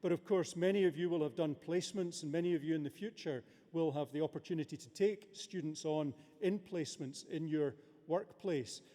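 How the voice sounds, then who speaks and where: The long echo of a vast abbey surrounds this man's voice as he speaks from a lectern, leading a graduation ceremony with a formal, good-natured speech full of hesitations. He sounds fairly high and mellow, talking a little fast with hardly any pauses.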